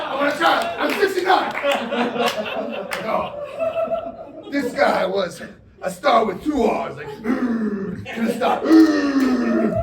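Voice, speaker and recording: Guy doing a ranty old movie director hosting a live show, mic far off, room noise behind. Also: very high voice. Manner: shouting rants, laughing through lines. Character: aging male filmmaker, over-the-top, wistful and indignant. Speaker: talk show host. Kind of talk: live improv comedy rant. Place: live comedy stage. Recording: echoey live room from far off with crowd ambience.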